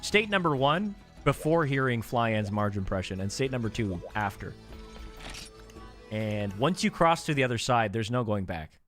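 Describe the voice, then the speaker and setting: Young guy streaming a game, joking with chat, lively up-and-down voice, faint game music behind. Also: medium pitch, moderate pace. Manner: joking, chatty, answers chat. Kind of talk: casual live-stream chat.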